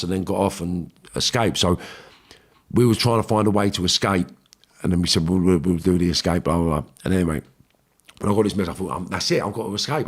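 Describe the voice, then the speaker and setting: A man with a London accent tells a long story in a casual podcast chat. His voice sits fairly low, and he talks bluntly, swearing freely as he acts out the voices of the people in his tale. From England. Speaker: podcast guest.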